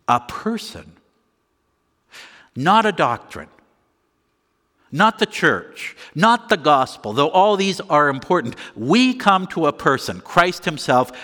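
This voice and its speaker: A man preaching a sermon with slow, deliberate phrasing and emphatic pauses. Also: fairly high pitch, pushed and bright, big-room sound. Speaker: pastor.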